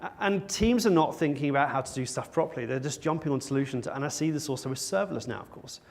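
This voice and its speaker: A man's voice: on the high side, fast, gravelly. A man giving a conference talk to an audience, wry and joking at his own expense. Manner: wry, with self-mocking jokes. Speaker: conference speaker. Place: conference stage before an audience.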